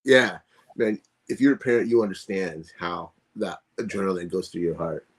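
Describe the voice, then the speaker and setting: Middle-aged male co-host, husky low voice, animated casual storyteller. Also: normal speed. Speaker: podcast co-host. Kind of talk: casual podcast chat.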